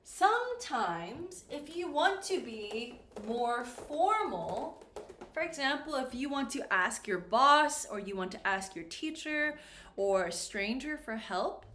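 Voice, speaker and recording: A woman teaching an English grammar lesson, modeling pronunciation slowly and clearly. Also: high-pitched, big pitch swings, bright, forceful tone, slight background noise. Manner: slow, clear, exaggerated pronunciation demos. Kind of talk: classroom-style grammar lesson. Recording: echoey room.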